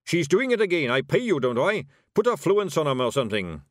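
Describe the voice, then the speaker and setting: A man performs a pompous male dwarf who runs a magic shop, raised and blustering in a storybook reading. His voice sits higher and louder than the reader's own, sharp with indignation. The sound is close and dry. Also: animated, unhurried, no echo, lightly acted. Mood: indignant.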